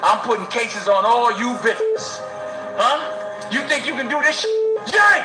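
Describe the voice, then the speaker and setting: An actor playing a furious corrupt male police detective who screams threats with wild swings in pitch. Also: steady tone, measured pace. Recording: echoey film audio with music.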